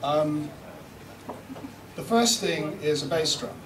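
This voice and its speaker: A man's voice: on the high side, lively intonation, slow, crowd noise. British man talking in an echoey room. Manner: chatty, joking, swearing lightly. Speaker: seminar presenter, recording engineer. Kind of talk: live seminar talk and demo. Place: room with a live audience. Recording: echoey room from far off, with background noise.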